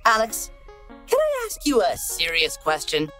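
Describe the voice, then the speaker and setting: Woman, sarcastic and scolding; high, animated pitch, music under. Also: a little slow, full character voice. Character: stern, sarcastic woman scolding a lazy young man. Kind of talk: game dialogue.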